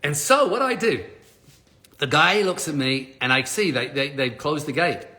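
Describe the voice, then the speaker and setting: A man telling a story on a live stream as a motivational speaker, animated, often laughing and swearing casually. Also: a little high, normal speed.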